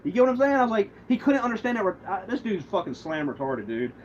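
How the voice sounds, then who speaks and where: Male livestreamer, higher-pitched, profane and aggrieved, rambling retelling; muffled lo-fi audio with faint hiss. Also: big pitch swings, quick pace, darkish tone. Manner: rambling, with many restarts and quoted back-and-forth. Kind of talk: casual livestream rant. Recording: muffled lo-fi stream audio, faint background noise.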